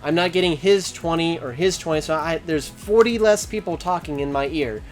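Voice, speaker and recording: A man's voice: a little high, brisk, soft background music. Man casually explaining airsoft radio basics. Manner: explains steadily, restarts and fillers, plain talk. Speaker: host. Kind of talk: casual instructional chat.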